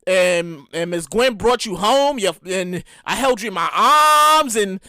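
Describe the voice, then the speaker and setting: A man in his late thirties hosts a solo podcast in a loose, chatty way, often circling back over his own words. His voice sits unusually high and bright, leaping up and down in pitch, and it is captured close and dry with no room sound. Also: a little slow, dry recording. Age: 30s. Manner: animated, repetitive, talks straight to listeners. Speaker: podcast host. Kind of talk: casual solo podcast chat.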